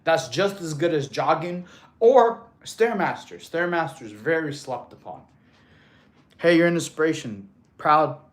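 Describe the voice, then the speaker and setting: A man's voice: on the high side, expressive, unhurried. A man in his thirties, a fitness streamer, chatting casually and reading viewer messages aloud in a laid-back way, calling people bro. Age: 30s.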